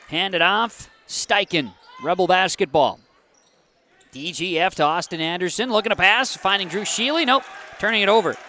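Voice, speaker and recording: A man doing live play-by-play of a high school basketball game, with quick calls that jump up on big plays. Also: sharp tone, a little hiss or hum. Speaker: play-by-play announcer.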